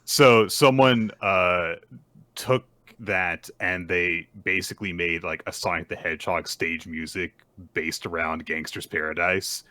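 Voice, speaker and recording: A man co-hosting a podcast in casual chat, hesitant but lively when telling a story. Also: deep voice, unhurried, no echo. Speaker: podcast co-host.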